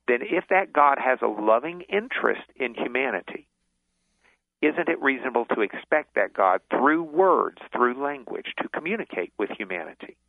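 A man's voice: mid-range voice, expressive, moderate pace, vocal fry, dry recording. Man explaining over a tinny phone line. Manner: explanatory, many restarts. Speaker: author and lawyer, guest. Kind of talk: radio interview.

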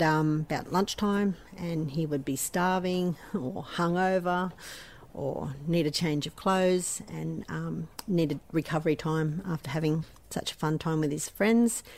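A woman's voice: deep voice, a little mellow, dry recording. A middle-aged Australian woman, a mother recounting events in an interview, speaking in an earnest, plain-spoken way. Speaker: mother of a missing man. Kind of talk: emotional interview recollection.

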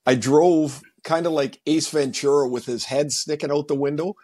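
A middle-aged man co-hosting a casual podcast and spinning stories. His voice sits a bit high and carries a husky edge. He acts out other people's lines and laughs along as he talks. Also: fairly even intonation, normal speed, mellow. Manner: storytelling, acts out quotes, laughs. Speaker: podcast co-host, former hockey player. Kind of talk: casual chat.

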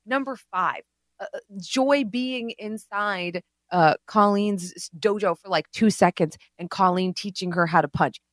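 A woman's voice: mid-range voice, a little slow, dry recording, clean studio sound. A woman co-hosting a podcast in casual chat, ranting profanely and exasperated. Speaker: podcast co-host.

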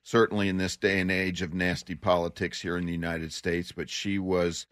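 A man co-hosting a talk radio show, giving measured, opinionated commentary in casual chat. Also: low-pitched, flat delivery, a bit bright, no echo, studio quality.

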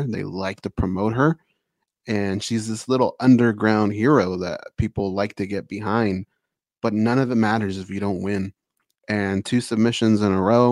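A man co-hosting a podcast, chatting casually about fights in a steady, opinionated way. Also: lowish voice, dry recording. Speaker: podcast co-host. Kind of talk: casual MMA recap chat.

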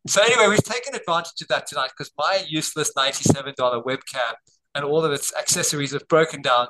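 A middle-aged Australian man, a doctor and author, talking as a guest over a video call from home and telling lively anecdotes. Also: on the high side, fast talker, crowd noise, low-quality recording. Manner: lively anecdotes, acting out quoted dialogue. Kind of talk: interview storytelling. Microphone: video call on borrowed telehealth equipment.

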